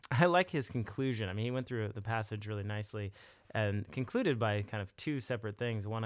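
A man's voice: lowish voice, clean tone, no room sound, studio quality. A man co-hosting a church podcast, chatting casually and thoughtfully, laughing now and then. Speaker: podcast co-host.

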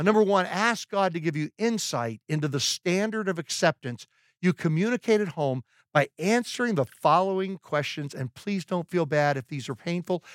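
A man's voice: on the high side, dry recording, clean studio sound. A middle-aged man preaching a sermon, conversational and humorous, with frequent repeated words and fillers. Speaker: pastor.

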